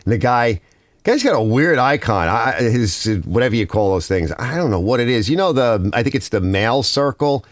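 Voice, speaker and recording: A man's voice: mid-range voice, lively intonation, normal speed, no room sound. A man with a Northern US accent hosting a casual garage livestream, rambling and reading viewer comments aloud.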